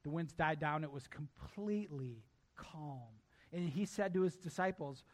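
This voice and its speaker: A man's voice: on the high side, expressive, normal speed, pushed and bright. A male pastor preaching a sermon emphatically, repeating key lines and addressing his congregation directly.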